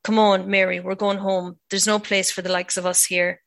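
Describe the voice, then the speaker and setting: A woman's voice: mid-range voice, little pitch movement, normal speed, creaky, a bit bright. A woman reading the lines of a bitter, scornful older father in an audiobook-style reading. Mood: commanding. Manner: cold, contemptuous.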